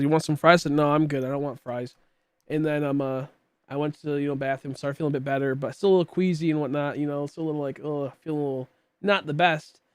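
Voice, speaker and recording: While streaming a game, this late-twenties man, whose voice is a little high, rambles in casual chat filled with fillers. He coughs occasionally from a tickly throat, and the recording is dry.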